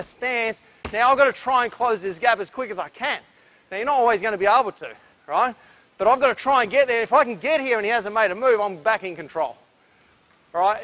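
A high-voiced Australian man runs a basketball clinic on an indoor court. He talks through defensive moves while demonstrating them and huffs from the effort. His delivery is energetic and instructive. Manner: energetic, instructive, breathless from drills. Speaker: basketball coach.

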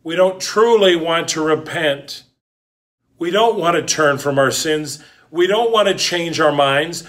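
A man preaching a sermon as a pastor, in a slow, deliberate manner with dramatic pauses. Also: on the high side, fairly bright tone.

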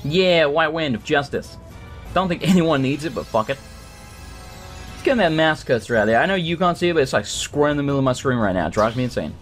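A man's voice: a little high, animated, brisk, faint music behind. A man hosting a let's play, talking through a game in a hyper, joking, chatty way. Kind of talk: gameplay commentary.

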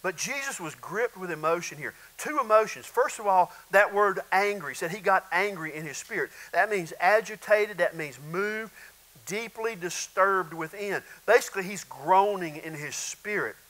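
A middle-aged male pastor with a drawl delivers a folksy sermon. His voice sits high for a man and rings bright and forward. He slips into short acted-out exchanges to make his points. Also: normal speed, poor audio. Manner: folksy storytelling, acts out little dialogues.

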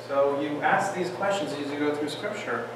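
Guy teaching bible class, kinda high voice, jokey, lots of questions, far off mic in a boomy room. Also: normal speed. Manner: lively, joking, fires off rhetorical questions. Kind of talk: classroom lecture. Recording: echoey room, distant mic, faint hiss.

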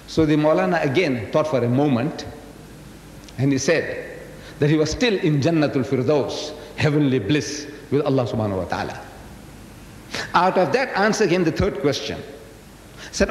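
A South African Muslim lecturer in his seventies gives a religious public lecture like a storyteller, his pitch constantly climbing and falling in wide swings. He often pauses and keeps throwing rhetorical questions at the audience at a normal speed. His voice echoes through a large hall over a faint hiss.

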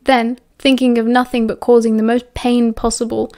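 A woman with a British accent reads a novel aloud in a steady, expressive audiobook style. Her voice sits a little high for a woman. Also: moderate pace. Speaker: audiobook narrator. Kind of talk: audiobook narration.

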